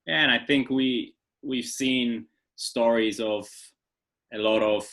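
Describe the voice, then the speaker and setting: A man, a native Polish speaker, hosting a podcast and asking halting, restarting questions in casual interview talk. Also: medium pitch, fairly even intonation, a bit bright.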